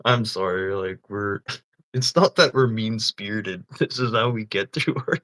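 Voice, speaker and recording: A man's voice: lowish voice, a little slow, fairly bright tone, dry recording, rough recording. A man chatting casually on a livestream, often swearing, laughing and teasing. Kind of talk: casual live-stream chat.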